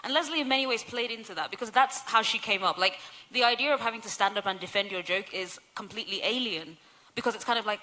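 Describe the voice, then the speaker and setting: Woman, panelist, quick speech, bright voice, chatty storyteller, self-correcting. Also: a little high. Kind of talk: conversational panel discussion. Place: symposium panel room.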